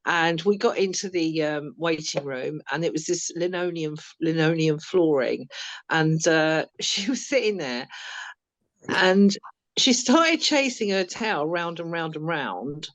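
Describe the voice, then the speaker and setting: A middle-aged woman, a mother, tells a story about a family pet in a casual, rambling way. Her voice sits fairly low for a woman, and she often pauses on fillers. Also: lively intonation. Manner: rambling, with many ums.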